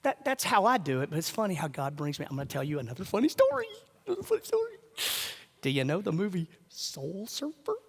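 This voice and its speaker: A man telling animated stories as a speaker at a conference, acting out the voices of the people he quotes. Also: a little high, quick pace, few pauses, breathy edge, long reverb tail. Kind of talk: storytelling talk.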